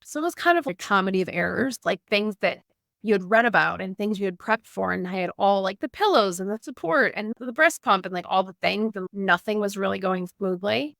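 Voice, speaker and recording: A woman's voice: medium pitch, fairly quick, gravelly, fairly bright tone, dry recording, studio quality. A woman in her thirties, a guest telling her personal story in an interview, candid and earnest, with lots of "like". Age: 30s.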